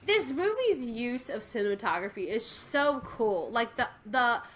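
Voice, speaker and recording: Her voice is a little high, sing-song, slightly slow and a bit bright. As a podcast co-host she chats with relaxed enthusiasm, often using fillers and starting her sentences over.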